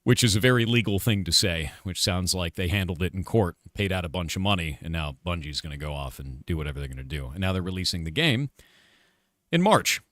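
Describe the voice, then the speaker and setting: A middle-aged man on a live stream, venting in a casual rant full of swearing and hard emphasis. His voice sits fairly low yet swings widely up and down, and the sound is close and dry. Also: expressive, brisk, fairly bright tone, dry recording. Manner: angry, profane, emphatic. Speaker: streamer and game developer.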